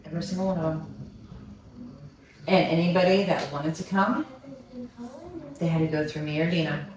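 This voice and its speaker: Podcast host, woman, emphatic and unhurried, lowish voice, distant mic in a reverberant room. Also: fairly even intonation, crowd noise. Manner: emphatic, talks of family and home. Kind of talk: casual chat. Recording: echoey room, far from the mic.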